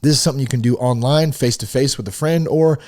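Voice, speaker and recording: A man hosting a casual solo podcast, reading a list of tips and commenting on each one in an animated, profane, buddy-like way. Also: mid-range voice, fast talker. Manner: animated, swearing, talks to listeners as "dude". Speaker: podcast host.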